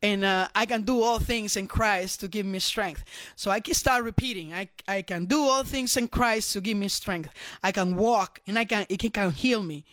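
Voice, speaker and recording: A middle-aged man, a guest on a faith program, telling his personal testimony with animated, repetitive storytelling. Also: high-pitched, normal speed, no room sound.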